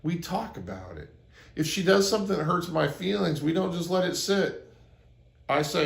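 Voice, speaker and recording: A man's voice: fairly high pitch, sing-song, normal speed, creaky. Earnest man giving relationship advice, roomy sound. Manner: earnest, anecdotal, acts out quoted lines. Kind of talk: advice monologue to camera.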